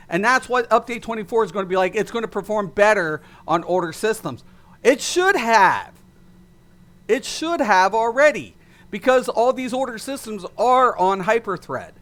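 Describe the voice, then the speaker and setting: Male streamer, high voice, heated profane rant, lots of false starts. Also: sing-song, moderate pace, a bit bright. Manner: heated, profane, rambling with restarts. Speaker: gaming streamer. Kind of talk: ranting livestream commentary.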